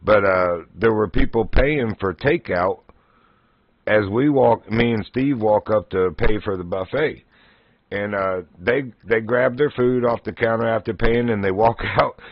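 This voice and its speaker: In unhurried, folksy storytelling, a livestream host chats and laughs often. His voice is on the low side, with no echo in the dull, dry lo-fi stream audio.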